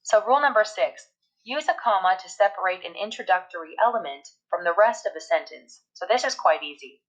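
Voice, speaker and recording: In a roughly recorded English grammar lesson, a woman with a medium-pitched, expressive voice walks through each point step by step. She reads her example sentences aloud slowly.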